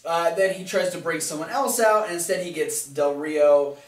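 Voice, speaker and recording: A man's voice: on the high side, normal speed, distant mic. A man casually recapping wrestling with a co-host, retelling scenes and mimicking the wrestlers' lines. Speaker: podcast co-host. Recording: echoey room, voice off-mic.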